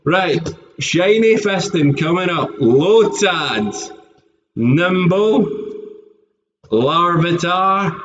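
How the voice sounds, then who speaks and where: A fairly high-pitched Scottish man opens trading card packs on a live stream, chatting casually, joking and often laughing. The sound is dull and lo-fi, with slight background noise.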